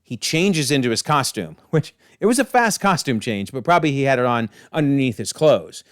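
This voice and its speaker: A man hosts a casual, enthusiastic comic recap, his pitch rising and falling freely. The recording is dry and close, with no room sound. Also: sing-song, normal speed, no room sound. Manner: enthusiastic, laughs often.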